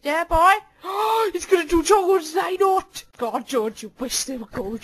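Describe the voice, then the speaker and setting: A woman's voice: very high-pitched, lively intonation, measured pace, hardly any pauses. A young woman recording casual voice clips into a handheld mic at home, giggling, swearing and teasing playfully. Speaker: voice clip maker. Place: cold room at home.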